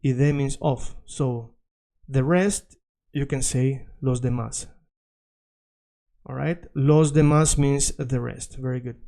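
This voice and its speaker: Patient man teaching, dark voice. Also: mid-range voice, steady tone, slow, creaky, long pauses. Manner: explains patiently, repeats words, checks in with "all right?". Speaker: Spanish teacher. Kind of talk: video language lesson.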